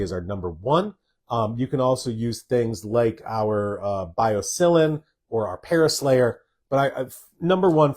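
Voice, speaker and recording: A man, a doctor hosting a live stream, casually answers viewer questions and stresses points by repeating words. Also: medium pitch.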